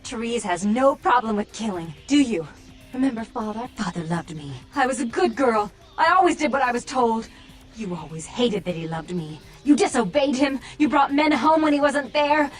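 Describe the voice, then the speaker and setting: A woman's voice: on the high side, very animated, normal speed, faint music behind. A woman voicing an unstable young vampire woman in a video game, with a theatrical, teasing and menacing delivery. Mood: scornful.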